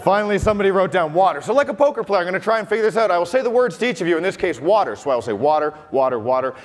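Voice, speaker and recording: A man with a Canadian accent performing a comedy magic act on stage, teasing the audience with playful crowd work. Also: a little high. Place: large hotel conference hall. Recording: live hall with long reverb, faint room noise.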